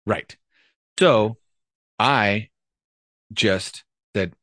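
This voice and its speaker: A man's voice: low voice, normal speed, a bit bright, no echo. A man, a former police officer, telling a story from his career in a blunt, profane, casual way. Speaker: retired police officer, podcast host.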